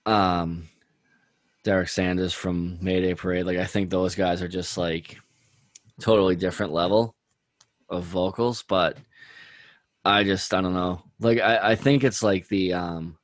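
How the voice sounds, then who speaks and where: A man's voice: deep voice, fairly even intonation, measured pace, no echo. A man chatting casually about music, rambling with lots of "like" and "dude". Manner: rambling, heavy use of "like" and "dude".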